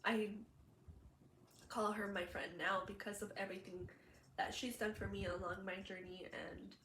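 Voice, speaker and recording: A woman's voice: medium pitch, little pitch movement, moderate pace, fairly bright tone. A young woman telling a personal story in a vlog, chatty with many fillers, emotional and laughing through tears. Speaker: vlogger. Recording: roomy echo, faint background hum.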